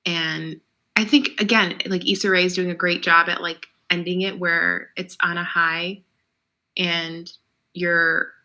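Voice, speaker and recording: A woman co-hosting a casual chat podcast, talking in a relaxed, reflective way with many fillers. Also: lowish voice, unhurried. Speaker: podcast co-host.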